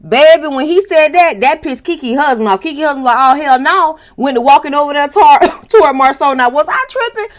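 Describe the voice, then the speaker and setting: Animated, profane woman recapping TV. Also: high voice, fast, hardly any pauses. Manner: animated, profane, laughing storyteller acting out quotes. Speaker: reality TV recap host. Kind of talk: casual episode recap.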